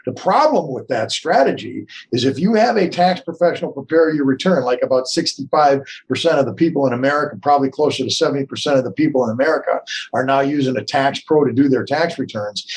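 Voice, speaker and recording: A man's voice: medium pitch, darkish tone, slight background noise, rough recording. A man as an interview guest, earnest and explaining things step by step. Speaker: tax expert guest.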